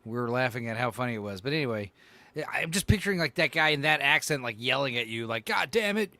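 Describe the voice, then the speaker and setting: A man's voice: mid-range voice, quick pace, sharp tone, no echo. A man co-hosting a casual podcast chat, rambling and swearing, full of "like" and "you know". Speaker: podcast co-host.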